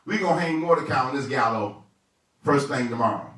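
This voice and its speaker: A man's voice: mid-range voice, fairly quick, fairly bright tone, voice pushed down, close to an everyday voice. A man voicing a boastful, scheming male royal official who talks brash and gloating street talk. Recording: echoey room from a distant mic.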